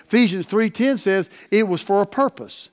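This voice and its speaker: A man preaching a sermon as the pastor, in a folksy, plain-spoken way, with emphatic swings between loud stresses and quiet asides. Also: sits high, lively intonation, moderate pace.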